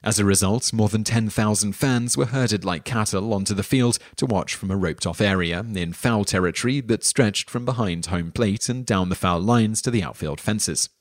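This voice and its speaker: Guy telling a history story on his podcast, lowish voice, dry close sound. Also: moderate pace, hardly any pauses, no room sound. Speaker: podcast host. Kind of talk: scripted history narration.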